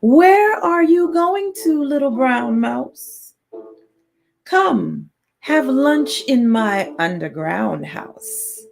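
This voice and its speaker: A woman voicing a sly, hungry male fox in a storybook read-aloud, coaxing and smooth. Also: high voice, lively intonation, extremely slow, faint music behind, pitched above the performer's own voice, heavily acted.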